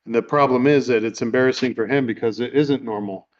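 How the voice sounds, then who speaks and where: A man hosting a casual chat, recapping a movie in a relaxed, rambling way with lots of fillers. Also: mid-range voice, fast talker, highs cut off. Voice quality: easygoing, rambling with many fillers. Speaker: podcast host. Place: home room.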